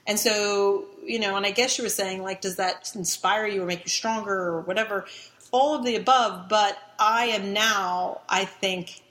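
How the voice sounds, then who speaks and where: A woman's voice: medium pitch, steady tone, moderate pace, fairly bright tone. A middle-aged woman, a guest in an interview, telling a long story casually, rambling with restarts and fillers, sometimes laughing as she talks.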